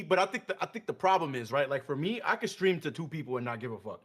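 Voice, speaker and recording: High, lively man in animated gaming chat. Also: fast talker, husky. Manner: animated, swearing, laughs a lot, acts out quotes. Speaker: podcast guest.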